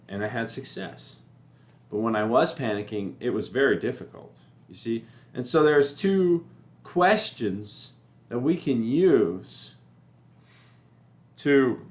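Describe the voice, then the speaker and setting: Man, mid-pitched voice, casual self-help talk, rambling, repeats phrases. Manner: rambling, repeats himself, animated when recounting panic. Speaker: motivational speaker. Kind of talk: casual spoken reflection.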